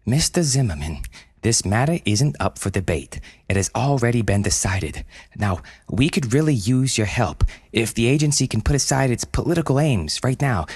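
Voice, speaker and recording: A man puts on a middle-aged woman president, steady and commanding with a hint of fluster. The voice is lifted above his own and a bit husky, dry and close. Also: mid-range voice, moderate pace, no room sound, pitched above the performer's own voice. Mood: firm. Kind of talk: storytelling audio drama.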